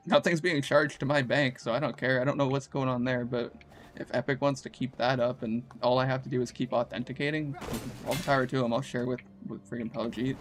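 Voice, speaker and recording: A man, casually chatting while streaming a game, with a groggy just-woke-up voice and a rambling, slangy, laid-back way of talking. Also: mid-range voice. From Canada. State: groggy morning voice. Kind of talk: casual chat while gaming.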